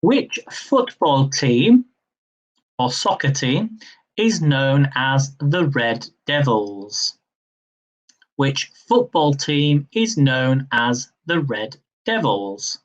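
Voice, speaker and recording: A young man hosting a live-streamed quiz, reading each question slowly, repeating it, and adding chatty asides. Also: mid-range voice, big pitch swings, dull audio. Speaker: quiz host.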